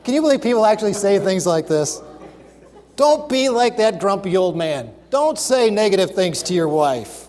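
A man preaching a sermon on marriage, emphatic, working through numbered points and slowing down on key phrases. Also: sits high, very animated, a little mellow. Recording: long hall reverb.

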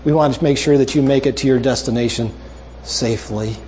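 A male preacher closing a sermon with a story, making earnest, repeated appeals and dropping soft and low for emphasis. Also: brisk, a little hiss or hum.

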